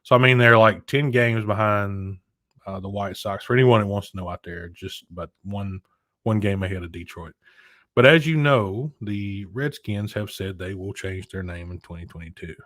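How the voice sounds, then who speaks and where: A man co-hosting a casual chat show, rambling and animated, who rants with many restarts. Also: on the low side, moderate pace, dry recording, clean studio sound. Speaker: podcast co-host.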